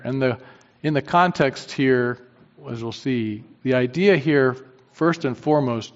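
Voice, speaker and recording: A man's voice: medium pitch, unhurried. A man preaching a sermon, earnest and emphatic, repeating his key phrases for weight. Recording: dull sound with long hall reverb.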